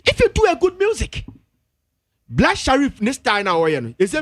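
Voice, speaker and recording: Animated, high-voiced Ghanaian man debating. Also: normal speed, no echo. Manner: emphatic, insistent, repeats himself to hold the floor. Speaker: radio studio guest, music pundit. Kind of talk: heated entertainment-show debate. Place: radio studio.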